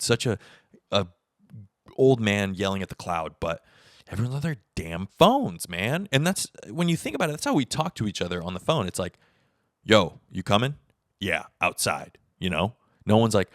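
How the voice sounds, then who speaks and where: Low-voiced man rambling on a podcast. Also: a bit bright, no echo, studio quality. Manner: rambling, candid, swears casually, acts out quoted exchanges. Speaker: podcast host. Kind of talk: solo casual podcast monologue. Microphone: podcast mic on camera setup.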